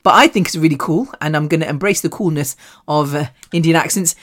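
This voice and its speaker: Chatty British woman with a low voice. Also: fast. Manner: chatty, rambling and self-mocking, swears casually. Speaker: podcast host. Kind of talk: candid solo podcast monologue.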